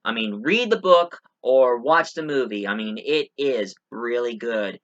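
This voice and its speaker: A man's voice: medium pitch, expressive, a little slow, fairly bright tone, lo-fi sound. A man giving a casual spoken movie review, rambling with many fillers and restarts.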